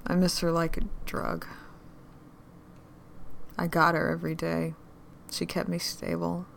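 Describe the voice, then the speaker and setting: Performing a monologue for an audio drama, an actress voices a drunken woman full of grief and bitterness, alternating whispers with louder outbursts. Her lowish, gravelly voice is completely flat and a little slow, over a faint hiss or hum.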